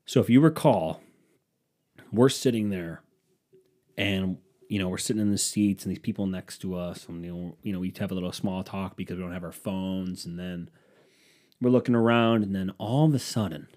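A man's voice: sits low, normal speed. Profane sarcastic man telling a story. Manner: profane, sarcastic, animated impressions of others. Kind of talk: casual storytelling with acted-out quotes.

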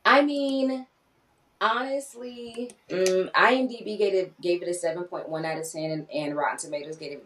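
A woman co-hosts a casual movie review podcast with a low voice. She is animated and swears freely, acting out quoted lines. Her voice sounds set back a little from the microphone. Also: normal speed, distant mic, low-quality recording. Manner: animated, swearing, quoting herself and others. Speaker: podcast co-host.

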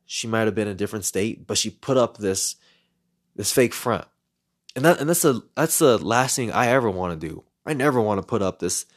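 Earnest man musing on his podcast. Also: lowish voice. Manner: earnest, reflective, repeats words when searching for them. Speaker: podcast host. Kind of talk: solo podcast monologue.

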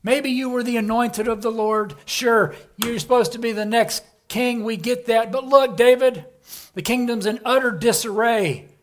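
Preacher playing a pushy voice of worldly doubt. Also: male voice, extremely high pitch, fairly even intonation, normal speed, pitched above the performer's own voice. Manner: pushy, mock-reasonable, nagging. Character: scornful male voice of worldly doubt.

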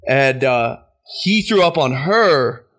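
A man's voice: mid-range voice, expressive, takes it slowly, a bit bright. A young man hosting a podcast, telling a story in casual chat and laughing at himself as he goes. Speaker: podcast host.

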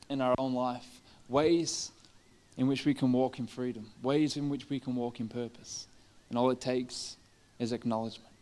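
A man preaching a sermon in a church service, telling a story in a casual, conversational way with many fillers. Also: medium pitch. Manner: conversational, lots of 'like' and 'uh'. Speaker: pastor. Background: live band playing soft guitar.

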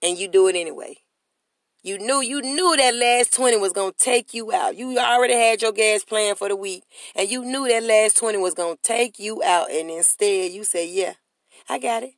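In a dry recording, a woman with a mid-range voice speaks at a normal speed. She's a motivational speaker addressing viewers in casual, slangy street talk, emphatic and repetitive, and she leads her listeners in call-and-response chants.

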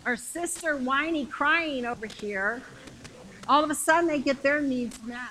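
A woman's voice: high-pitched, unhurried, pushed and bright, a little hiss or hum, rough recording. A middle-aged woman preaching a sermon in a conversational, emphatic way, repeating phrases to build up her point, with a congregation answering her.

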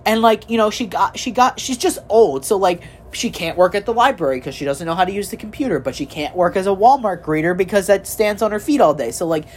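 A woman's voice: medium pitch, expressive, a little fast, few pauses, darkish tone, slight background noise. A young woman co-hosting a casual chat, telling a family story with a lot of swearing and exasperation. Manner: profane, exasperated, mimics relatives in quotes.

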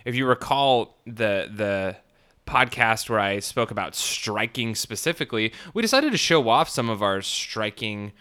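A man's voice: fairly low pitch, expressive, unhurried, sharp tone. A man hosting a podcast solo, rambling with many fillers and crude jokes, talking through a swollen split lip. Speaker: podcast host. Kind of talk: casual podcast monologue.

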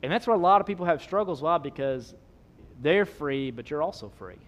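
A man, preaching a sermon, swinging between loud emphasis and soft low asides. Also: lively intonation, fairly quick. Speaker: pastor.

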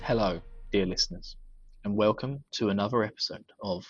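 A man's voice: fairly low pitch, fairly quick, soft background music. Giggly British man on a muffled mic. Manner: laughs often, joking. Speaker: podcast co-host and editor. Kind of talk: casual banter.

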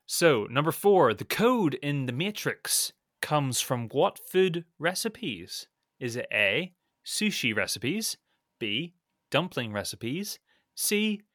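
A man's voice: medium pitch, a bit bright, dry recording, studio quality. A man co-hosting a casual podcast, reading out quiz questions and answer options with a playful lilt.

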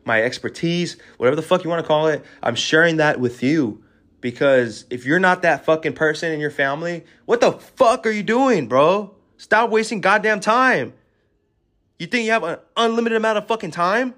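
A man's voice: fairly high pitch, moderate pace, fairly bright tone. A man hosting a podcast, giving an aggressive, swear-filled motivational rant at the listener. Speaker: podcast host.

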